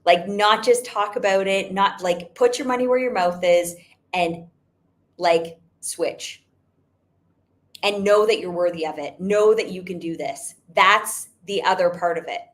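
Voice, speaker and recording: A woman's voice: medium pitch, unhurried. A young adult woman giving an emphatic motivational talk, repeating her points and using "like" often. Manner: emphatic, repetitive, frequent "like". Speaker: network marketing business owner.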